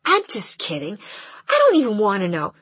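A woman's voice: mid-range voice, huge pitch swings, moderate pace, a bit bright, slightly rough, dry recording, heavily acted. A woman voicing a blunt, sassy teenage girl who is the narrator's best friend. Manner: sassy, bubbly.

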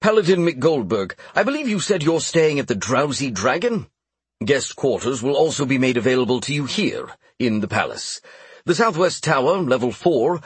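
A man's voice: mid-range voice, breathy edge, no room sound, pitched above the performer's own voice. A man doing a gracious formal king. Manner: formal, courteous.

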